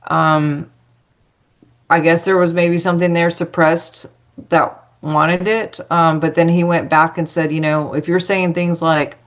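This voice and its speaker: A woman's voice: sits low, little pitch movement, measured pace, lo-fi sound. A woman telling a personal story as a podcast guest, chatty, acting out dialogue with lots of fillers.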